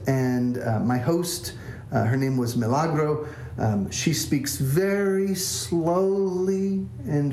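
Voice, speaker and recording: A man's voice: a little high, a little mellow, a little hiss or hum. A man, a pastor, telling a self-deprecating story as a sermon in a church. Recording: echoey church room.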